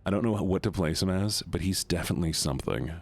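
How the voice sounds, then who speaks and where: A man's voice: low-pitched, fast talker, vocal fry. A man streaming a game, giving dry, laid-back casual commentary.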